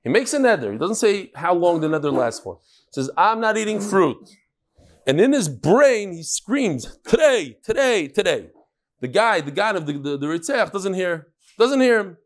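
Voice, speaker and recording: This is a man leading an animated Talmud lesson. His voice sits a little on the high side. He keeps weaving in Hebrew terms and repeating words for emphasis. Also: moderate pace. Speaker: Talmud teacher. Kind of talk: animated Talmud class with storytelling.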